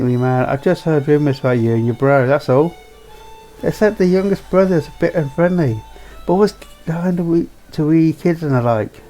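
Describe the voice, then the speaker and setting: A man's voice: a little high, mellow, natural voice. A man doing a hearty market dad. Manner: hearty and friendly, calls people lad. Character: jovial middle-aged male market trader, a father.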